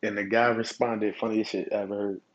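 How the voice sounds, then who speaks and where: A man hosting his own podcast, telling stories in a relaxed, profane way and chuckling often. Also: lowish voice, brisk, highs cut off. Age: adult. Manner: laid-back, profane storytelling with chuckles. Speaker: podcast host. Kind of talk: casual solo podcast monologue.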